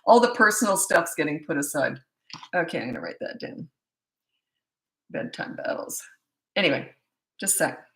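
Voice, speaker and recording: A woman's voice: sits low, animated, normal speed, creaky, long pauses, echoey room, poor audio. A woman parenting coach answering questions in a blunt, chatty way that often breaks off mid-thought. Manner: blunt, chatty, self-interrupting. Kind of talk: casual live Q&A.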